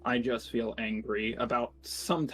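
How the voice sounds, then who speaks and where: A man's voice: medium pitch, steady tone, unhurried, fairly bright tone, faint music behind. A man venting his frustration in casual conversation.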